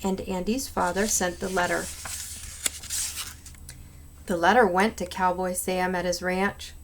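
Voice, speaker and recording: A woman's voice: lowish voice, fairly even intonation, unhurried, background noise. Woman reading children's books aloud. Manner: unpolished, with small slips. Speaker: reader.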